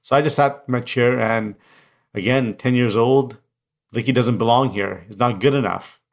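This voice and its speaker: A middle-aged man, not a native English speaker, recounting personal stories in an interview. He speaks candidly and reflectively in a voice of ordinary pitch for a man. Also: moderate pace, vocal fry. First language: non-English first language. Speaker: guest, coach and speaker.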